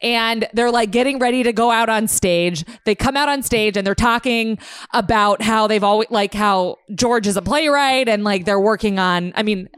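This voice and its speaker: Woman, casual podcast co-host, higher voice, chatty and rambling, dry close recording. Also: moderate pace, clean tone, no room sound. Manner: chatty, many fillers and restarts, laughs while telling. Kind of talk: casual chat.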